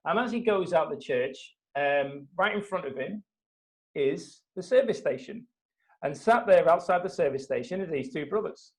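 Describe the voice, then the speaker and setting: A man hosting a live video call, retelling a story with lively acted-out quotes and a few restarts. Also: on the high side, normal speed, low-quality recording. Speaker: host of a mastermind call.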